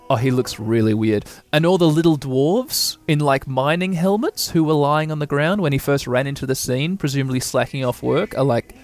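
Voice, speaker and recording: A man giving rambling, excitable live reaction commentary with lots of fillers. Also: medium pitch. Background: opera music.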